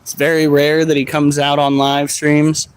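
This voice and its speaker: A man's voice: fairly high pitch, monotone, moderate pace, smooth, rough recording. A man chatting on a casual live stream while caring for his pets, joking, swearing and scolding his dogs. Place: at home with animals.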